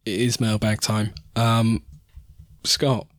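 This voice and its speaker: A man's voice: lowish voice, level tone, takes it slowly, slight background noise. A man co-hosting a casual sports podcast, chatting and joking. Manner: banter, swears casually. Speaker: podcast co-host.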